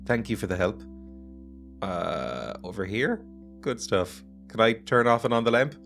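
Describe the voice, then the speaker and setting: A man's voice: lowish voice, measured pace, gravelly, a bit bright. A man playing a game and chatting casually, joking and laughing as he goes. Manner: chatty, jokey, laughs often. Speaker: let's play gamer. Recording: music playing behind.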